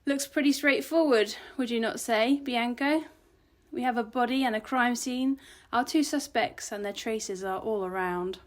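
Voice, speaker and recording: A woman's voice: a little high, normal speed, voice pushed up, close to an everyday voice. A woman voicing a pompous middle-aged male police detective with a thick Austrian accent, talking down to everyone. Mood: smug.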